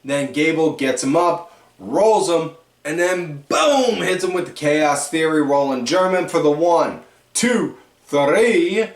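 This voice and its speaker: A man hosting a wrestling recap podcast, telling matches as animated play-by-play and correcting himself as he goes. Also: a little high, slow. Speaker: podcast host. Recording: echoey room, distant mic.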